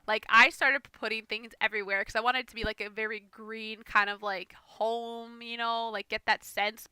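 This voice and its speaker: Brief: young woman, rambling voiceover commentary, slightly higher, very bright, smooth voice. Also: dry recording. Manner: chatty, rambling, self-conscious. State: a little nervous. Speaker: gaming streamer. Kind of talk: casual gameplay voiceover commentary.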